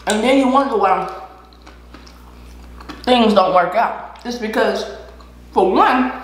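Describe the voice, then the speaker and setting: A woman's voice: a little high, takes it slowly. A woman chatting casually while eating on a mukbang vlog, laughing often and giving encouragement. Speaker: vlogger. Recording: echoey room.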